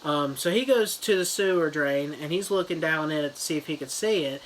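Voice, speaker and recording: A man's voice: fairly high pitch, a little fast, fairly bright tone, slight background noise, low-quality recording. A man retelling a story as a mock review, in a loose, rambling style full of fillers. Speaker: comedy reviewer.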